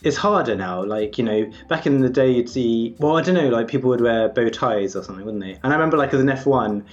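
A man's voice: mid-range voice, expressive, quick pace. Chatty young man, muffled audio. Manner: rambling, self-mocking, lots of fillers. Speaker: podcast co-host, junior doctor. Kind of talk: casual chat.

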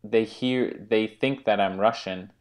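An American man co-hosting a casual chat, talking in a halting way as he searches for his words. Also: lowish voice. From United States. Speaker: co-host.

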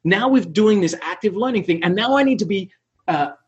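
A man's voice: sits high, expressive, a little fast, breathy edge, muffled recording. A man hosting an interview who jumps in with enthusiastic praise and follow-up questions. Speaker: podcast host. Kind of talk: casual interview talk.

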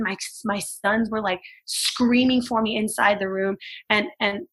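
A young adult woman, a podcast guest, recounting a painful personal story in a halting, emotional way, often repeating herself. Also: fairly high pitch, pushed and bright, breathy edge. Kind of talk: personal story told in conversation.

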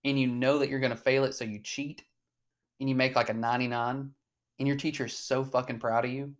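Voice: medium pitch, flat delivery, a little fast. Chatty, swearing podcast host. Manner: chatty, swears, laughs often. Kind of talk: casual chat.

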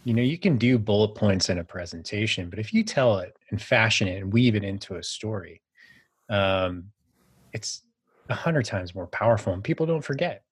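Husky low-voiced podcast host. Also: male voice, animated, moderate pace, no echo, clean studio sound. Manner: eager, affirming, builds on the guest's point. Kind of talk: casual interview chat.

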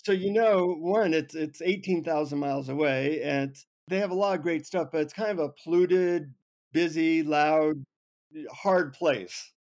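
A man on an interview show telling a funny personal story with lively, self-mocking humor. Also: fairly high pitch, measured pace. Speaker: guest. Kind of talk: anecdotal storytelling.

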